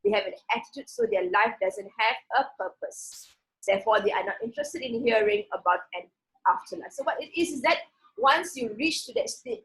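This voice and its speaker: A woman teaching a Quran passage, reading the Arabic words slowly and with stress, then explaining them in a relaxed way with many restarts. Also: fairly high pitch, low-quality recording.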